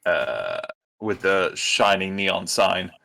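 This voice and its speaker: A man runs a tabletop role-playing session and narrates each scene for the players. His voice sits on the low side for a man. He keeps pausing and restarting, feeling his way through the description. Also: big pitch swings, creaky, bright, forceful tone. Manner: hesitant, many ums and restarts. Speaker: game master.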